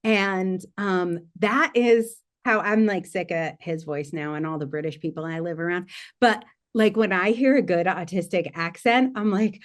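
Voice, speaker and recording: An American woman speaking as a guest in a casual panel discussion, chatty and animated, with frequent "like" fillers. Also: fairly low pitch, a little slow.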